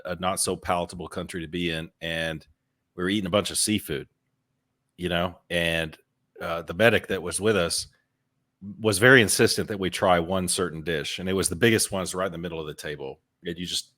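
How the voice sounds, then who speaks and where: A man's voice: low-pitched, steady tone, a little fast, bright, forceful tone. A man co-hosting a podcast in casual chat, telling stories and often repeating words while he finds his thought. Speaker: podcast co-host.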